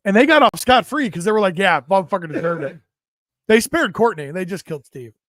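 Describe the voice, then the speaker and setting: A man's voice: high voice, sing-song, fast talker, fairly bright tone, no echo, studio quality. A man, co-hosting a podcast and riffing in crude, joking banter with mock rants. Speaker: podcast co-host. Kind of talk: casual banter.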